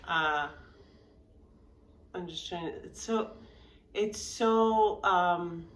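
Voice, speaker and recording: Frank woman vlogger, slow, roomy. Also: on the low side, a bit bright. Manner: frank, rambling, with many fillers and restarts. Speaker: yoga vlogger. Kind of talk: casual talk to camera. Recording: roomy sound from a distance with faint background noise.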